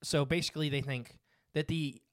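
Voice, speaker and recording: A man's voice: a little high, steady tone, normal speed, no echo, studio quality. A man hosting a casual podcast, reading from notes with frequent fillers and restarts. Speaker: podcast host.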